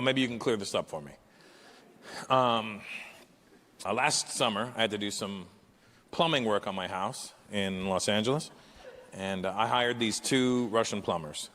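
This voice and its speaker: A man from Canada in his fifties, performing live stand-up with brash, animated storytelling. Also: on the low side, slight background noise. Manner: animated, brash storytelling that jumps into character voices. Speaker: stand-up comedian. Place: large live venue. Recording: echoey hall with loud ambience.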